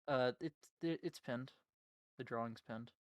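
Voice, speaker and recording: A man running a tabletop game as game master, narrating slowly and stopping to search for words. His mid-pitched voice is recorded dry and close, with no room around it. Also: no echo. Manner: slow, halting narration with many fillers.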